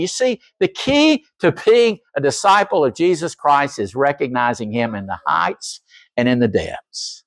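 Male pastor, animated sermon delivery, slightly high voice, dry recording. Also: a little slow, no echo. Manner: animated, acts out quoted voices, shifts from loud to near whisper.

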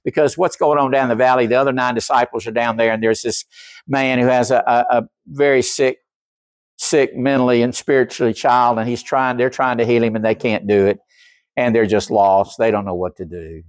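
A man preaching a sermon, acting out quoted voices and dropping from loud to near whisper. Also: medium pitch, steady tone, fairly quick, dry recording. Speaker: pastor.

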